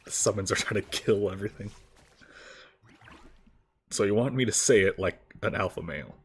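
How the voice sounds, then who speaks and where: A man's voice: fairly low pitch, moderate pace, long pauses, breathy edge. A man streaming a video game, joking around and reading the dialogue aloud. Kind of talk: casual gameplay commentary.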